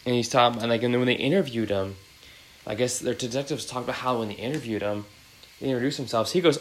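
A man's voice: medium pitch, fast, slight background noise, poor audio. A man in his thirties hosting a podcast, chatting casually and rambling with many fillers. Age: 30s. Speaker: podcast host.

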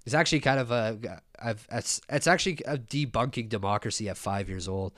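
A man's voice: medium pitch, fairly quick, fairly bright tone, no echo, clean studio sound. A man telling a story in a casual, rambling way, swearing and stumbling over fillers and restarts.

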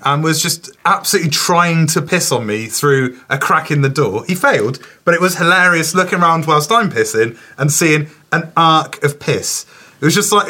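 A man's voice: fairly high pitch, sharp tone. A man co-hosting a casual comedy podcast, telling rambling, crude anecdotes. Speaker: podcast co-host.

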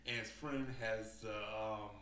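Slow and steady, with a fairly low pitch and a fairly bright tone, this man spins profane gaming stories loaded with fillers during a casual chat. A little hiss or hum sits under the roomy, distant-mic recording, along with faint ambience.

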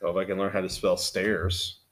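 A man's voice: sits low, little pitch movement, normal speed, a bit bright. A man co-hosting a casual movie podcast, talking in an upbeat, rambling way full of fillers. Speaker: podcast co-host.

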